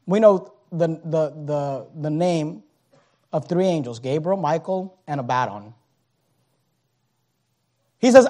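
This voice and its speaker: A male preacher giving a sermon, dramatic and swinging between loud declarations and hushed asides. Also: a little high, animated, slow, pauses often.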